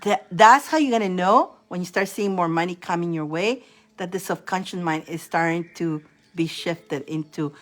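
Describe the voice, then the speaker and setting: This tarot reader has a fairly low voice and talks at a normal speed during a live-stream reading. Chatty and encouraging, she laughs a lot and says mantras aloud over and over.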